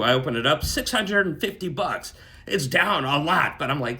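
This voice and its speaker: A man's voice: fairly high pitch, normal speed. A man casually recounting a dream, swearing freely and tagging his sentences with "right?". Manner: profane, animated, keeps adding "right?". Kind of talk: casual spoken storytelling.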